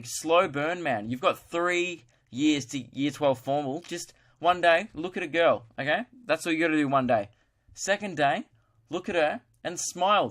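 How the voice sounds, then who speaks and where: A man's voice: on the high side, a bit bright. A young man hosting a solo podcast, chatting casually in a rambling, joking, self-mocking way. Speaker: podcast host.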